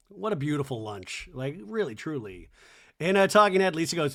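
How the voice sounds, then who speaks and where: A man's voice: on the high side, quick pace. A man with a stuffy nose hosting a podcast, sarcastically recapping a reality show with lots of swearing. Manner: animated, sarcastic, swears freely. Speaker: podcast host.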